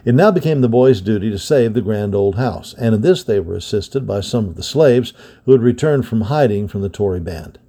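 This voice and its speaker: A man reading an adventure story aloud with steady, dramatic storytelling. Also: on the low side, fairly quick. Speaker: storybook reader. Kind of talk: scripted narration of an adventure story.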